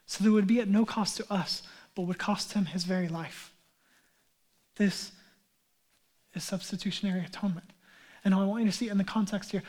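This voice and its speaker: A male pastor in his thirties giving a sermon, chatting through a family story and then building to earnest emphasis, sometimes dropping to a hushed near-whisper. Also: high-pitched. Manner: drops to a hushed near-whisper on key lines.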